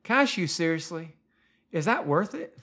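A man's voice: fairly high pitch, very animated, normal speed, pushed and bright. A man preaching a sermon, earnest and emphatic, asking the listener pointed rhetorical questions. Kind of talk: sermon podcast.

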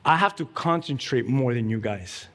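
A man preaching a sermon, emphatic and energetic, telling a story with lively quoted voices. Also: medium pitch, normal speed, long reverb tail. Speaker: pastor.

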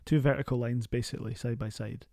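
A man's voice: mid-range voice, steady tone, quick pace, gravelly, warm tone, no echo. A man, an actor, chatting casually with a dry, self-deprecating wit. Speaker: actor, podcast co-host. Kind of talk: casual chat.

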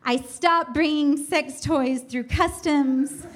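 A young woman telling a funny personal story to an audience, animated and self-mocking. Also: sits high, takes it slowly, faint music behind. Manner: animated, self-mocking, vivid comic retelling.

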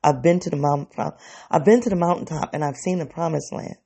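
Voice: mid-range voice, brisk, mellow. A vlogger giving a reflective personal monologue, thinking aloud and correcting themselves as they go.

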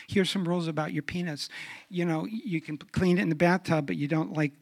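A middle-aged man preaching a sermon on a church stage, asking rhetorical questions and dropping to a hush for emphasis. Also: a little high, a little fast. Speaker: guest speaker on sexuality. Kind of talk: sermon with humorous stories.

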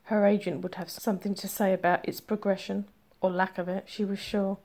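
A woman narrating a romance story in a steady, measured reading voice. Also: mid-range voice. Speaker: audiobook narrator. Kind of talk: scripted narration.

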